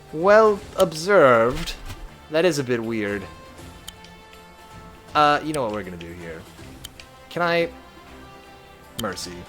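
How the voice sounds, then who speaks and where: A man live-streaming a strategy game, chatting casually and reading viewer messages aloud. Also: mid-range voice. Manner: reads chat aloud, chatty and animated.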